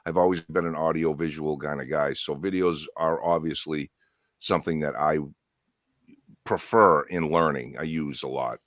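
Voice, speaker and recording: A man's voice: very deep voice, steady tone, normal speed, fairly bright tone, no room sound, clean studio sound. A man co-hosting a podcast, joking crudely and sarcastically with mock outrage. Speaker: podcast co-host. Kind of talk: crude joking pub banter.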